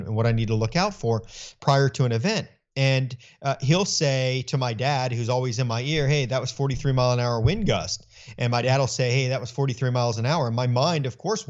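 A middle-aged man speaking earnestly in an interview, telling stories with animated voicing of his own thoughts. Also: mid-range voice, dull audio. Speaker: guest. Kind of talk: conversational interview.

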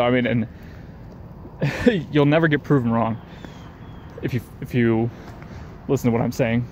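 A man's voice: medium pitch, darkish tone, slight background noise. Rambling, profane man ranting casually. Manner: rambling, profane, repeats himself; chuckles between sentences. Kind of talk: casual monologue rant.

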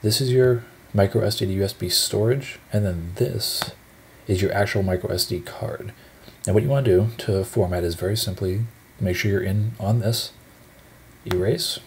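A man's voice: on the low side, slight background noise. A young man giving a casual, rambling tutorial full of fillers as he walks through settings on screen. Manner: relaxed, rambling, many fillers. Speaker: shop owner giving a tutorial.

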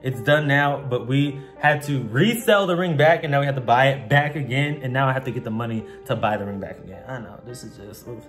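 A man vlogging a prank at home, chatting casually in slang with an animated, giggly manner. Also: brisk, few pauses, heavy reverb, far from the mic, soft background music. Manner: animated, slangy, giggly, swings into high voices when quoting. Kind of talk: casual prank vlog chat. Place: home living room.

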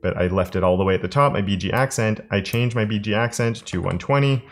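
A man teaching web development in a screen-recorded coding tutorial, thinking aloud in a relaxed way with fillers and restarts. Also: lowish voice, fast.

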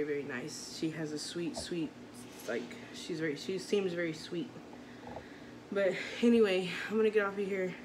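A woman in her thirties, a mother vlogging, talking in a rambling, heartfelt way with many restarts. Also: low-pitched. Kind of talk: casual chat to camera. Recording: noisy background.

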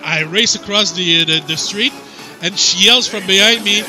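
A man with a fairly high voice tells a long, rambling story in a loose, casual way. He often stops to restart a sentence and chuckles as he goes. Game music plays behind him. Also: normal speed, bright, forceful tone, rough recording. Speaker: co-host of a gaming channel.

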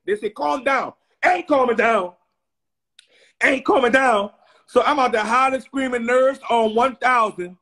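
A man telling a dramatic story to his viewers in a loud, slangy rant that bursts into shouting. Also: extremely high pitch, unhurried.

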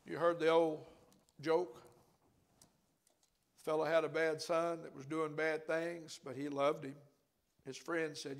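A man's voice: on the high side, level tone, slow, gravelly, pauses often. An older man preaching a sermon in a church, telling stories in a folksy, conversational way.

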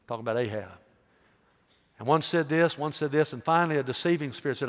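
A male pastor preaching a sermon, telling a story with animated voices and calling out questions to the congregation. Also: fairly high pitch, fast. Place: church. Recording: echoey church hall reverb.

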